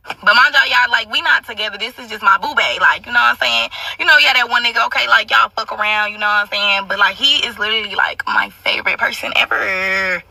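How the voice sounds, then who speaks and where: A young woman spins a brash, profane storytime monologue, forever throwing asides to her listeners. Her voice is very bright and cutting. She sits a bit back from the mic in a dry, dead room. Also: medium pitch, creaky, slightly rough, dry recording, distant mic, low-quality recording.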